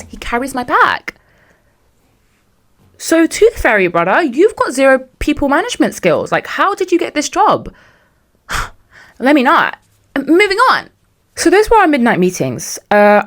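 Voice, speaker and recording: A young woman hosting a podcast, telling a story in a sassy, animated way and acting out what others said. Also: a little high. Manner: animated, sassy, acts out quotes in other voices. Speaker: podcast host. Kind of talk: casual storytelling monologue.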